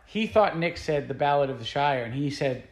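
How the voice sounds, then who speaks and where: A man's voice: on the high side, animated, normal speed. Rambling man, echoey room. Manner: rambling, with many fillers and restarts. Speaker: guest musician. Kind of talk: casual interview storytelling.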